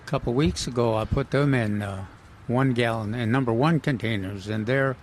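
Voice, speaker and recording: A man co-hosting a casual gardening radio chat, talking haltingly with many fillers and restarts. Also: medium pitch. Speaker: gardening show co-host. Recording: outdoor nursery with faint noise.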